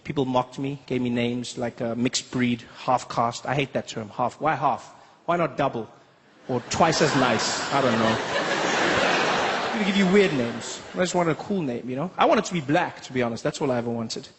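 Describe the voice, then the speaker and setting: A man from South Africa performing a lively stand-up comedy set, telling stories and slipping into voices. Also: medium pitch, normal speed, in a large hall, background noise. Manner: animated, storytelling, lots of voices.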